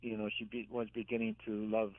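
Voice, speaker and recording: An older man, an author and caregiver, telling gentle stories in a radio interview, halting and repeating words as he speaks. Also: on the low side, monotone, no echo. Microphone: phone. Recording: tinny dry phone line.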